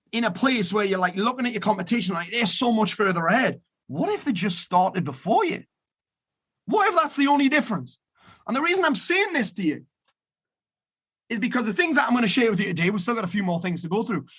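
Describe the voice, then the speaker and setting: High-voiced blunt motivational man. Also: sing-song, brisk, a bit bright, breathy edge. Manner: blunt, emphatic, heavy swearing. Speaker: motivational speaker. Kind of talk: motivational summit talk.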